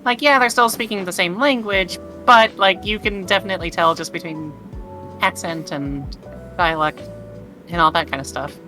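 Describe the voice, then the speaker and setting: A woman's voice: fairly low pitch, moderate pace, music in the background. A young woman guest chatting casually, rambling with lots of fillers. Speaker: guest, variety streamer. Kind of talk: casual chat.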